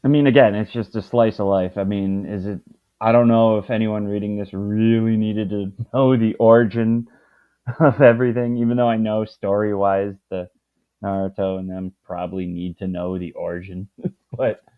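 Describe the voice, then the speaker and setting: Man, guest, casual comic chat, lowish voice, tinny phone-like line, rambling. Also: level tone, normal speed, clear, resonant tone. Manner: rambling, stumbles over words. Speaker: guest co-host. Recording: tinny phone-like call audio.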